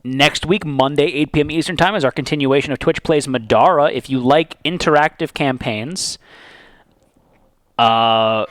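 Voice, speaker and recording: Lively upbeat male stream co-host. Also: medium pitch, no echo. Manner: upbeat, joking, announcing upcoming streams. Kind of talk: casual stream sign-off chat.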